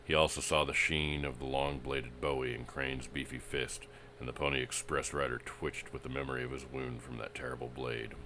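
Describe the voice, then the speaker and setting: A man narrating a pulp western story in a steady, dramatic reading. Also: very deep voice, moderate pace, background noise.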